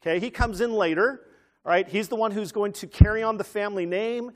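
A man preaching an animated teaching sermon who keeps asking his listeners questions. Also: sits high, brisk.

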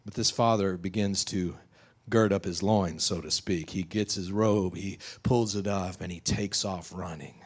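A man preaching a sermon, retelling a story in a lively, vivid way. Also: deep voice, a little slow. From West Texas. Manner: animated, vivid retelling with acted quotes. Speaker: pastor.

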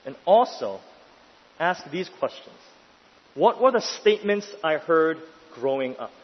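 A man with a fairly high, husky voice delivers a sermon in a large hall with a long reverb. He swings between urgent, rising questions and quiet, hushed stretches. The sound is dull and lo-fi. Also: sing-song, unhurried. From New York City. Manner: emphatic, rising to intense questions then dropping quiet. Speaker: pastor.

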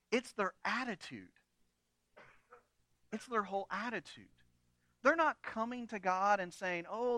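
A man preaching a sermon in a conversational, animated way, with humorous asides. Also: high voice, no echo. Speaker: pastor.

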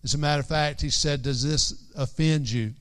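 A man's voice: a little high, steady tone, normal speed, fairly bright tone, clean tone. A man preaching a sermon, earnestly repeating key phrases for emphasis and quoting scripture in old-fashioned wording. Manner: quotes scripture in King James wording.

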